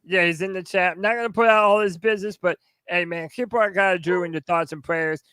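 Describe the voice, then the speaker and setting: A man co-hosting a sports podcast, energetic and hyped. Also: high voice, a little fast, smooth, no echo. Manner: energetic, hype, shouting out fans. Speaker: podcast co-host. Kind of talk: hype sports podcast talk.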